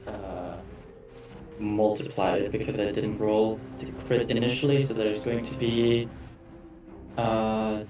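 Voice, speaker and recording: A man running a tabletop game as game master, casual and self-correcting, with quick apologetic asides. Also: lowish voice, little pitch movement. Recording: echoey room with faint background music, mic at a distance.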